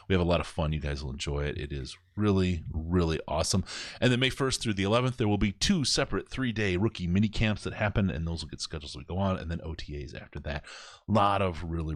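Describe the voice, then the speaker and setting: Hosting a live sports show, this deep-voiced man rambles and jokes his way through plugs and upcoming dates, dropping in plenty of fillers. The sound is clean studio quality, with no echo.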